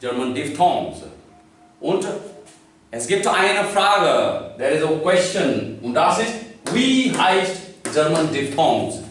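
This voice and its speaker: Man, language teacher, slow deliberate delivery, spells and repeats words, fairly high voice, distant mic. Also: big pitch swings, a little hiss or hum. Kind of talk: classroom-style lesson. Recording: echoey room, from far off the mic.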